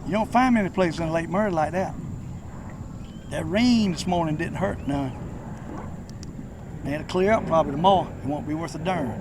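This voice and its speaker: An older man with a Southern US accent, chatting casually to the camera while fishing from a boat, folksy and prone to excited exclamations. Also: fairly high pitch, moderate pace, long pauses. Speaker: fishing vlogger. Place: outdoors on a boat on a lake. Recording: outdoor background noise on a lake.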